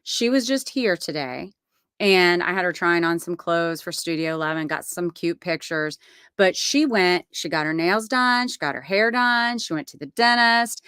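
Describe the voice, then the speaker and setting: A woman's voice: normal speed, a bit bright, clean tone, dry recording, clean studio sound. Chatty middle-aged woman vlogger. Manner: chatty storyteller, acts out quotes in a higher voice. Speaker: vlog host. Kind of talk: casual chat.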